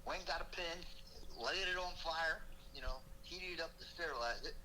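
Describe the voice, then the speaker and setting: A middle-aged man, a veteran podcast guest, telling stories casually with lots of swearing and loudly acted-out quotes. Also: fairly high pitch, brisk, a little hiss or hum, poor audio. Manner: profane, animated, acts out quotes loudly. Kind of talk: casual storytelling.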